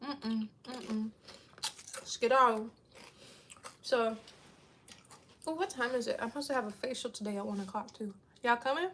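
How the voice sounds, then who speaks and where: A woman's voice: a little high, lively intonation, brisk, a little hiss or hum. A woman in her thirties chatting casually to her viewers, rambling and saying "like" a lot. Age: 30s. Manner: rambling, heavy use of "like". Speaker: vlogger.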